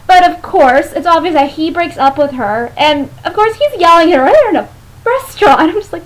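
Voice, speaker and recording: A young woman in a casual vlog, reviewing a music video with a chatty, playful manner and animated asides. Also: very high voice, fairly quick, low-quality recording.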